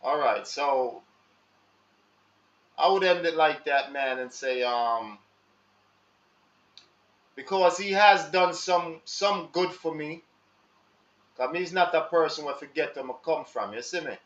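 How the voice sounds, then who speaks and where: A man talking casually and slowly to his live audience in street slang, asking viewers for their advice. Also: on the high side, fairly bright tone. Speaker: live stream host. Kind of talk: casual monologue to live chat. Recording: echoey room, dull lo-fi sound.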